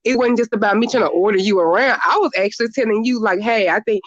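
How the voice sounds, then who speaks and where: A woman calling in and arguing, confrontational and halting, with some profanity. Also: on the high side, no room sound, muffled recording. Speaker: caller. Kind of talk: heated argument.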